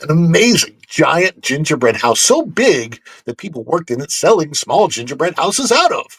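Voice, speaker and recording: A man hosting a casual theme-park news livestream, animated and joking as he talks to his chat. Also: fairly high pitch, moderate pace, breathy edge, no room sound.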